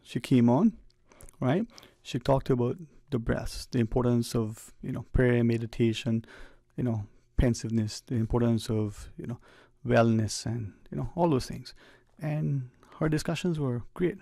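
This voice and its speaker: A man's voice: medium pitch, fairly even intonation, gravelly, warm tone, dry recording, studio quality. A man hosting a talk radio show, giving a reflective, preachy monologue in a conversational way. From Cayman Islands. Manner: conversational, preachy, speeds up and slows down for emphasis. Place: radio studio. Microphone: studio microphone.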